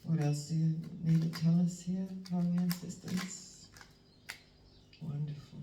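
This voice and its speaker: A woman, giving a spiritual tarot reading in a slow, emotional, halting way that sometimes drops to a whisper. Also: fairly low pitch, level tone, warm tone. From Western Australia. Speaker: tarot reader. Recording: roomy, distant mic, faint background noise.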